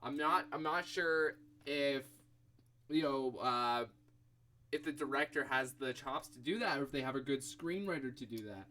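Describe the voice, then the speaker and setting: A young man co-hosting a casual podcast chat, animated and thinking aloud with fillers as he goes. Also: mid-range voice, normal speed, slight background noise. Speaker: podcast co-host.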